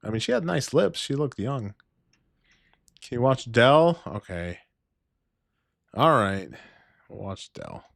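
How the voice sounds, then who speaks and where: A man's voice: mid-range voice, big pitch swings, slow pace, vocal fry, pauses often, no room sound, studio quality. A man hosting a livestream, reacting to videos with crude, mocking commentary and muttered asides.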